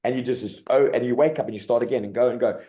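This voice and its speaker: A medium-pitched, rapid-fire talker, this middle-aged South African rugby coach tells stories in a casual interview, animated and colloquial, with frequent use of "mate".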